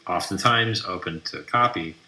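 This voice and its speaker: A man's voice: low-pitched, moderate pace, bright, forceful tone. A man hosting a live stream, brashly mocking and trash talking as he reads through posts. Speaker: livestream host. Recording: roomy echoey room.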